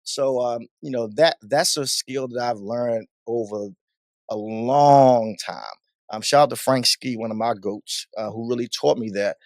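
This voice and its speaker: Brief: man from Baltimore, guest DJ, mid-pitched, lively storyteller, dry studio sound. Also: unhurried, no echo. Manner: animated, acts out voices in stories. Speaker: guest DJ and radio host. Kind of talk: casual interview storytelling.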